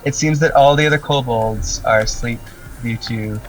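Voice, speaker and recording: A man with a mid-range voice, speaking at a moderate pace, narrates a tabletop game as game master. He describes scenes with lots of "um" and "like," picked up by a distant mic with faint music behind him.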